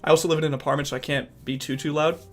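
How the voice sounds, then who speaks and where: A young man in casual chat who talks in an animated, sporadic way about trying to become a voice actor. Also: a little high, very fast, soft background music. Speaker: aspiring voice actor and podcast guest.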